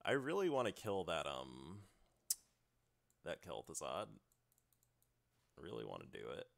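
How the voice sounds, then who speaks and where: A man's voice: a bass voice, wildly swooping pitch, measured pace, gravelly, a bit bright. A man giving live gameplay commentary as a streamer, trash-talking opponents and swearing, with sudden yelps and laughter.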